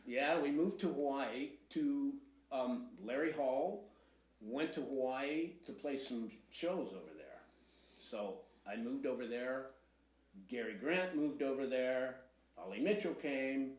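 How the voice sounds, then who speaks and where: A man who is the guest in an interview, speaking in a relaxed, low-key way. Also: takes it slowly, reverberant. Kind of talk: casual interview talk.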